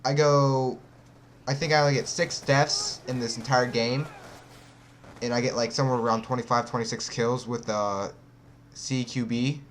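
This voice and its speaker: A man's voice: medium pitch, fairly even intonation, moderate pace, a little hiss or hum. A teenage boy casually commentating his own gameplay in a laid-back, slightly awkward way. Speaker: channel director and gameplay commentator.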